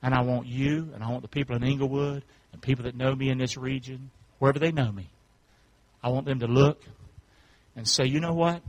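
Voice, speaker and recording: A man pastor preaching a sermon, calling out to his congregation and swinging from quiet asides to shouts. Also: medium pitch, little pitch movement, brisk. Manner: call-and-response preaching, swings from hushed to shouting. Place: church sanctuary.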